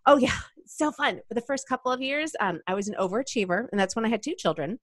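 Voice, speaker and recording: A woman's voice: a little high, animated, fast, no echo. A middle-aged woman, a mom and podcast guest, chatting casually with frequent laughs and self-deprecating jokes. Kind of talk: casual interview chat.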